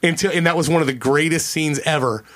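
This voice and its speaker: A man's voice: on the high side, quick pace, a bit bright. A man co-hosting a podcast in casual chat, rambling and profane, acting out movie lines as he retells them. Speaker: podcast co-host.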